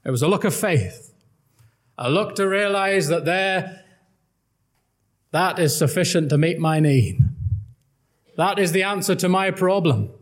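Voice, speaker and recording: Male preacher, somewhat high voice, earnest and emphatic gospel sermon delivery. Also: expressive, unhurried, pauses often. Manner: earnest, emphatic preaching, quoting old-style scripture.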